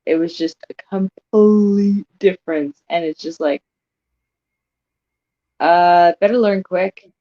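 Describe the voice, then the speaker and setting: A woman's voice: lowish voice, fairly even intonation, slow pace, pauses often. A woman chatting casually on a livestream, giggly, upbeat and self-deprecating. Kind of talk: casual chat. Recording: slightly muffled audio.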